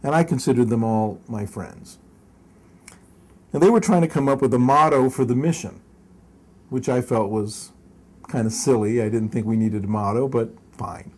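An older man recounting memories at length, his voice husky and mellow with a soft, breathy edge. He wanders and corrects himself mid-sentence, with little chuckles woven through the telling. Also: mid-range voice, moderate pace. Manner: rambling, self-correcting, chuckles while telling stories. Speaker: interview guest. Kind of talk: storytelling in a long interview.

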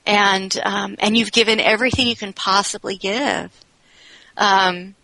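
Bright-voiced woman telling a personal story. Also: mid-range voice, fairly even intonation, a little slow, no room sound, poor audio. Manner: open, candid and reflective, often says "you know". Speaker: interview guest.

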